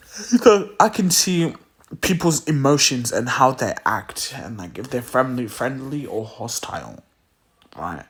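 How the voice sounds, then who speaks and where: A man's voice: medium pitch, big pitch swings, takes it slowly, breathy edge. A man casually retelling a fan story, rambling with lots of fillers and restarts, sounding tired.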